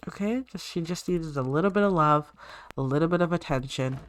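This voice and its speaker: A woman's voice: low voice, brisk. A woman hosting a let's-play, chatting through her life-sim gameplay and talking straight to her game characters. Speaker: gaming channel host.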